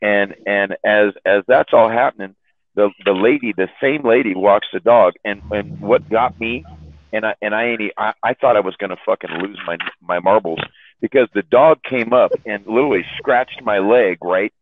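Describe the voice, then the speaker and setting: A man with a fairly low voice speaks at a moderate pace, casually spinning long, rambling stories for a chat room. He stumbles, repeats his words, and laughs often. The sound is dry and tinny, like a phone line.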